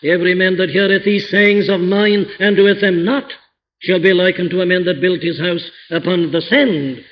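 An older man preaching a sermon with emphatic delivery and dramatic pauses, quoting scripture in old English. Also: high-pitched, steady tone. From Wales. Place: church. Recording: dull old archive recording in a reverberant church.

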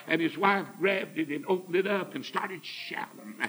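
A man's voice: high voice, moderate pace, fairly bright tone, rough recording. A man preaching a sermon in a folksy, fervent storytelling manner.

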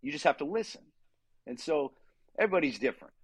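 Man, forties, husky breathy voice, dry close recording, fitness coach, earnest and animated, casual podcast talk. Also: fairly high pitch, quick pace, dry recording. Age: 40s. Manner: earnest, animated storyteller who acts out inner dialogue.

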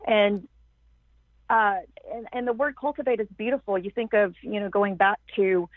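A woman's voice: mid-range voice, fairly even intonation, moderate pace, no room sound. A woman guest on a podcast, an empowerment coach speaking emphatically and effusively in long flowing runs. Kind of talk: casual podcast interview. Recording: tinny phone-like line, dry.

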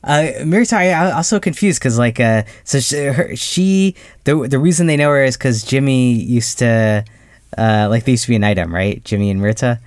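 A man's voice: mid-range voice, normal speed, dry recording, clean studio sound. A man co-hosting a podcast, chatting casually about a film, hesitant and stopping to restart his thoughts. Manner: hesitant, many fillers and restarts, laughs easily. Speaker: podcast co-host.

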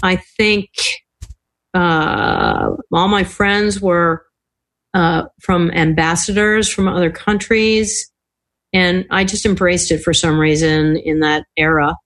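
Lively older woman telling stories. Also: fairly low pitch, slow. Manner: lively storyteller, acts out quoted voices, laughs often. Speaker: podcast guest. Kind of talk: casual storytelling interview.

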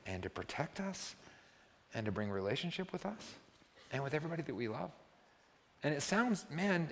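A man in his sixties, a pastor, preaches a conversational sermon in a church sanctuary, often tossing in "right?" and building to emphatic peaks. His voice is on the high side and fairly bright, with slight background noise and the long reverb of a church hall.

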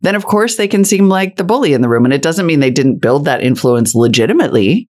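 A woman co-hosting a podcast, bantering quickly and chiming in with short agreements. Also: sits low, animated, a little mellow. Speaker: podcast co-host. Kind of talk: casual business podcast chat.

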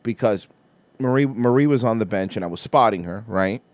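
A man with a fairly low voice hosts a podcast at a moderate pace, with no echo in the sound. In casual chat he rants and tells animated stories, swearing heavily throughout.

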